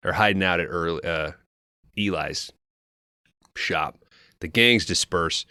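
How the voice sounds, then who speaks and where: A man casually recapping a film plot on a podcast, loose and profane, acting out characters' lines in quick asides. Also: low voice, bright, forceful tone, clear, resonant tone, no room sound, studio quality. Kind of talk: casual movie recap chat.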